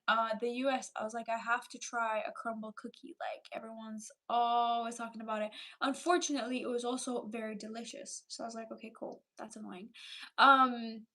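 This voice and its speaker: Chatty high-voiced woman with a Romanian accent. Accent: Romanian, with Irish and London English. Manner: chatty, animated storytelling, fillers like "like". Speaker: livestream host reading chat. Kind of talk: casual chat with viewers.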